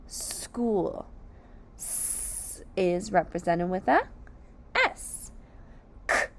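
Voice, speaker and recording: Slow, gravelly-voiced phonics teacher woman. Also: on the low side, expressive. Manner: sounds out letters and syllables one by one, praising. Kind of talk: slow, deliberate phonics lesson for young children.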